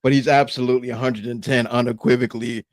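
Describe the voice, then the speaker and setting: A man's voice: mid-range voice, little pitch movement, fast, dry recording. A man co-hosting a podcast in casual chat, speaking emphatically and repeating his points with indignation. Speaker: podcast co-host.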